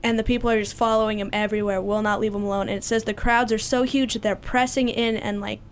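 A young woman in a Bible study group retells a Bible story quickly, her medium-pitched voice staying level. She's chatty, using lots of fillers and restarting often, with slight background noise behind her.

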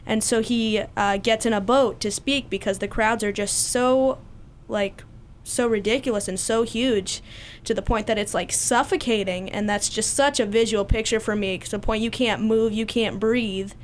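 Young woman retelling a bible story, lots of ums and likes, high-ish voice, faint hiss behind. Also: steady tone, moderate pace. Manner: chatty, many fillers and restarts. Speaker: Bible study participant sharing a passage.

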